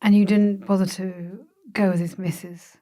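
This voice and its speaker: A woman's voice: mid-range voice, level tone, normal speed, warm tone. A woman interviewing a guest, asking short questions and giving brief reactions. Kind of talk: casual interview.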